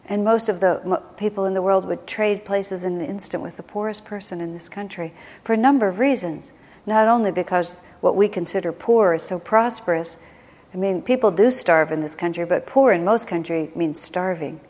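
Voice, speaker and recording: A woman's voice: fairly low pitch, normal speed, a little mellow. A woman leading a spiritual class, speaking conversationally and reflectively, often restarting her sentences. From United States. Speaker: spiritual teacher. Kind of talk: teaching a class. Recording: long hall reverb.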